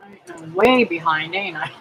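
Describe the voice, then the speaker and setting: A middle-aged woman hosting a casual livestream, praying aloud and chatting with viewers in a slow, homely way. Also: fairly low pitch, fairly bright tone, a little hiss or hum, rough recording. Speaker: homestead livestream host. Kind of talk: casual livestream chat reading comments.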